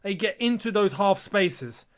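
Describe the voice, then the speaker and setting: Here a young man's high, animated, smooth voice moves unhurriedly as he hosts a live football watchalong. His live reaction and commentary on the match carries exasperation and disbelief, and he speaks directly to viewers, treating them as lads.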